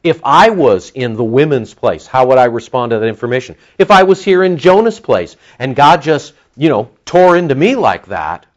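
A man preaching a sermon in an animated, conversational way, acting out the lines he quotes. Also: mid-range voice, moderate pace, few pauses. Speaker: pastor. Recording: dull lo-fi sound.

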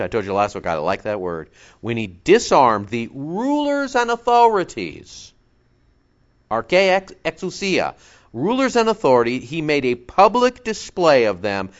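A man preaching a conversational sermon to his congregation, with lively asides and self-corrections. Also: medium pitch, dull audio. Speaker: pastor.

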